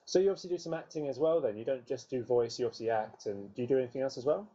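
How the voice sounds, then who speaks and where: A man's voice: mid-range voice, very fast, dark tone, muffled recording. A man hosting a podcast, asking the guest short encouraging follow-up questions. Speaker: podcast host. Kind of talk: interviewing a guest.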